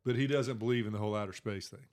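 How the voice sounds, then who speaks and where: A man, telling drawn-out anecdotes in a casual chat. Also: fairly low pitch, a little mellow.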